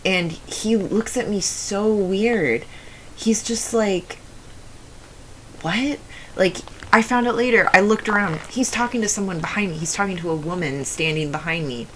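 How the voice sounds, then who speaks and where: A young adult woman with a low voice often taken for a man's, telling a personal story in a rambling way with many fillers and restarts. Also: moderate pace, a bit bright, slight background noise, low-quality recording. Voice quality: low voice often heard as male. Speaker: video essayist.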